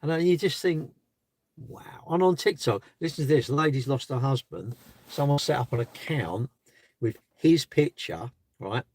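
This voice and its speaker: A man's voice: mid-range voice, animated, moderate pace, darkish tone. A man chatting on a live stream from his parked car, rambling and asking rhetorical questions. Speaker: livestreamer. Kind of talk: casual live stream chat.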